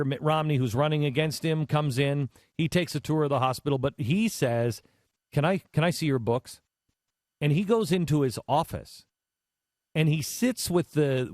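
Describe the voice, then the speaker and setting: A man hosting a talk show, telling a long story in a lively, halting way with many restarts. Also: fairly high pitch, no room sound, studio quality. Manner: animated storyteller with frequent restarts. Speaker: radio show host. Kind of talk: talk radio storytelling monologue.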